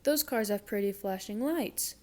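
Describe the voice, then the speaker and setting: A woman's voice: medium pitch, normal speed, dark tone, close to an everyday voice. A woman voicing a fussy female cow in a children's storybook, with an indignant drawl. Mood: chatty.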